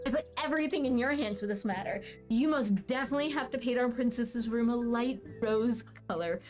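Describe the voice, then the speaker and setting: A woman reading out a game email as an excited young expectant father, and he comes out sounding like a valley girl. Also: fairly high pitch, fairly quick, faint music behind, natural voice. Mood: eager. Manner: reads an in-game email aloud in a light voice.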